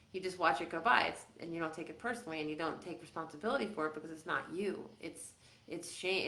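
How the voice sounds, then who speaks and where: A woman's voice: lowish voice, a bit bright, reverberant. A woman hosting a casual livestream, musing aloud in a rambling, self-interrupting way. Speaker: host.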